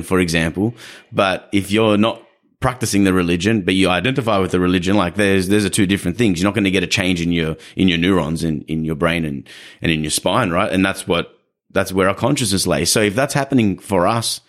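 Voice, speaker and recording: His low-pitched voice moves a little fast as this young adult podcast host, who trains dogs, breaks down dog behavior casually. Along the way he acts out the people he quotes.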